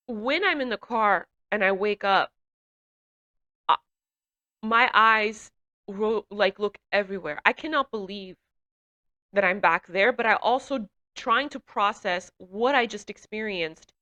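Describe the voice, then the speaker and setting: A woman's voice: medium pitch, bright, forceful tone, muffled recording. A woman giving an emotional personal testimony, speaking hesitantly with many fillers and restarts. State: emotional, runny nose. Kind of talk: personal testimony, reflective storytelling.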